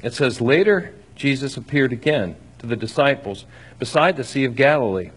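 A man preaching a sermon, acting out scripture with lively swings between loud and soft. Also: medium pitch, moderate pace, breathy edge. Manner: animated, acts out scripture with shifting loudness. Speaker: pastor.

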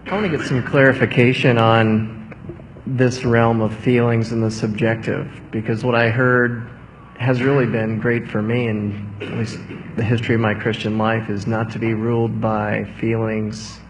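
A man from the audience who asks a thoughtful, measured question. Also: on the low side, level tone, slight background noise, poor audio. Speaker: audience member.

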